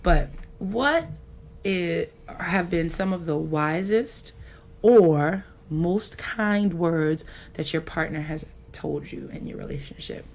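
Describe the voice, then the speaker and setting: A woman co-hosting a podcast, asking her guests questions in a relaxed, chatty way full of filler words. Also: on the low side, slow, creaky. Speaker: podcast co-host. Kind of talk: casual chat interview.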